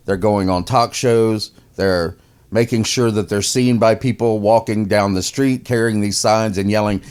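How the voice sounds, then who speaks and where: A man's voice: fairly low pitch, steady tone, a little slow, a little mellow, smooth. A man casually mocking a news story as a podcast host, laughing often and repeating himself. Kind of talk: casual opinion commentary.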